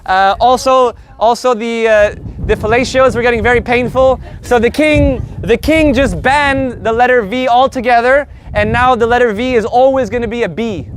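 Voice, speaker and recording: A man teaching a live online Spanish lesson, joking and animated, slowly repeating words for his learners. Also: very high-pitched, a little hiss or hum.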